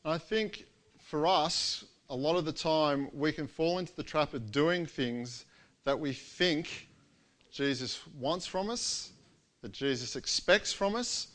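Animated high-voiced preacher. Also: male voice, slow. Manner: animated storytelling, acts out quoted lines. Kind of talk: sermon.

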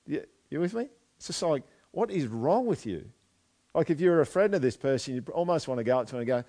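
Male pastor, conversational sermon, fond of quiet asides and questions to the room. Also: fairly high pitch, very animated, a little fast. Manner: chatty, asks the listeners questions, drops to quiet asides.

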